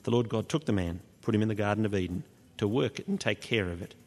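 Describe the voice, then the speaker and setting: A man preaching an expository sermon, changing his pitch and loudness for emphasis. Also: lively intonation, fast talker. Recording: long hall reverb.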